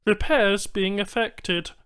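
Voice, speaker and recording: A man's voice: sits high, takes it slowly, a bit bright, clear, resonant tone, pitched above the performer's own voice. A man voicing a male alien trader who speaks in clipped, broken phrases with formal apologies.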